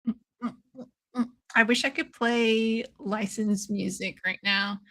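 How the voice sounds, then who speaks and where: Slow-talking bright-voiced woman streamer. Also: fairly high pitch. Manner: excitable, swears freely, says "dude" a lot. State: drinking shots while streaming. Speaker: livestream host. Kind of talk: casual watch-along chat.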